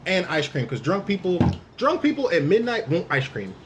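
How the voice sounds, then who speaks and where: Lively casual podcast host man. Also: sits high, normal speed. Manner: laid-back, joking, wraps up the show. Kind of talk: casual chat. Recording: faint background noise.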